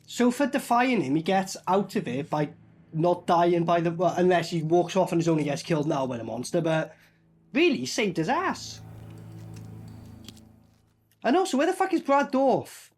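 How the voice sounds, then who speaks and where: A man's voice: high-pitched, normal speed. Sweary man reacting to a movie. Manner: sweary, animated, laughing asides. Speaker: movie reviewer. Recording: film soundtrack playing behind.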